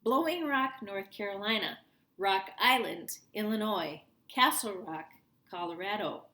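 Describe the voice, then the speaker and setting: A woman's voice: mid-range voice, measured pace, pushed and bright. A woman voicing a know-it-all young schoolboy genius who is cocky and rattles off facts. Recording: roomy echo.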